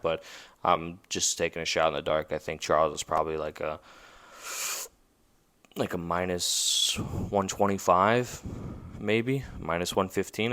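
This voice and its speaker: A man's voice: sits low, a bit bright. A man hosting a podcast, talking casually and rambling through a fight preview with lots of fillers and self-corrections. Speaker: podcast host.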